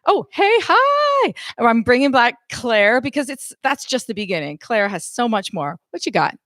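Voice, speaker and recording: A woman's voice: a little high, moderate pace, fairly bright tone, no room sound. A woman hosting a webcast who hands off to the next speaker in a bubbly, casual way. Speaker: host. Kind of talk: casual chat.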